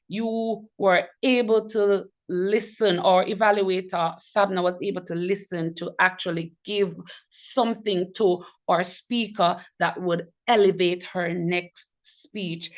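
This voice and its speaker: A woman giving feedback as general evaluator at a speaking club meeting, encouraging and praising each evaluator in turn. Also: medium pitch. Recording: dull lo-fi recording.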